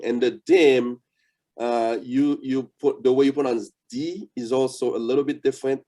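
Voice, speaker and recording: A man's voice: medium pitch, fairly even intonation, dark tone. A man, giving a patient, coaching language lesson over a video call. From Haiti. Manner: patient, coaching, repeats words slowly. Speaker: language instructor. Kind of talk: interactive online lesson.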